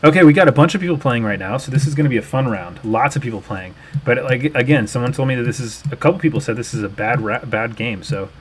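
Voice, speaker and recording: A man's voice: mid-range voice, fast, few pauses, husky. A young man hosting a casual livestream, chatty, explaining things and thinking aloud as he goes. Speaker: livestream host.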